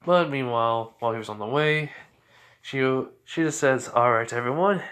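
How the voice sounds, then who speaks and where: A man's voice: mid-range voice, moderate pace, fairly bright tone, clear, resonant tone. A man casually narrating an improvised fan story, rambling with lots of fillers and restarts. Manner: rambling, full of fillers like "well" and "basically".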